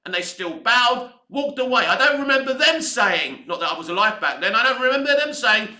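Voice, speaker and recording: A man in a furious, foul-mouthed rant, his voice pitched high and cutting bright. He is getting hoarse, and the room around him rings with echo. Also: expressive, a little fast, few pauses. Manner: heated, sweary, ranting. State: voice going hoarse. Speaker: online commentary host. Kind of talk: angry opinion rant.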